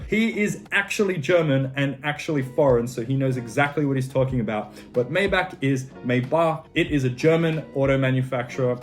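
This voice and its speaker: An Australian man hosting a comedic car-brand pronunciation tutorial, emphatic and quick to mock himself. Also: mid-range voice. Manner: joking, self-mocking, emphatic. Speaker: car video host.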